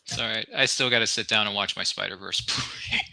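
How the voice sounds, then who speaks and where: A man hosting a casual movie watch-along, upbeat and quick to laugh at himself. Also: fairly low pitch, steady tone, creaky, pushed and bright, no echo. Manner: upbeat, laughs often, self-deprecating.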